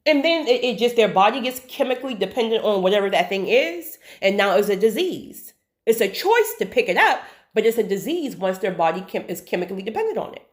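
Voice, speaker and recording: A woman telling a personal story in a casual, animated monologue, often repeating words for emphasis and speaking straight to the viewer. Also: fairly high pitch, brisk.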